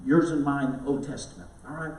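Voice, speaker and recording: Recorded from afar in an echoing room, a pastor delivers an Easter message to his congregation. His voice is medium-pitched and a little mellow at a moderate pace, and he tells the sermon like a conversation, with many asides to the people listening.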